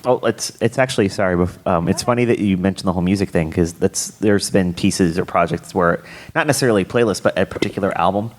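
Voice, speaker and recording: A man writer speaking on a panel, rambling and halting, often restarting his sentences. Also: low voice. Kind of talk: casual panel talk.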